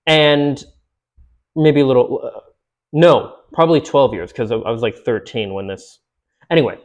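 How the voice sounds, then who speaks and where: A young man in his twenties chats loosely to his viewers. He rambles and restarts sentences, and fillers, laughs and the odd swear word break up his talk at an ordinary middle pitch. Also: moderate pace, a little mellow, dull audio. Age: 20s. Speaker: vlogger. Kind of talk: casual chat to camera.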